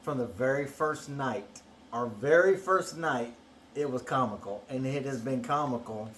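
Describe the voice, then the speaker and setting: A man's voice: medium pitch, a little slow, fairly bright tone, a little hiss or hum. A man, the host's husband, chatting casually with dry, sheepish jokes. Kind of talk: casual chat.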